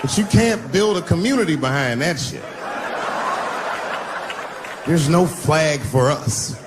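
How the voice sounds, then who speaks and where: A middle-aged man performing stand-up comedy on stage, telling a profane, conversational story and jumping his pitch for voices. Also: lively intonation, takes it slowly, a crowd in the background, background noise. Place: stage before a live audience.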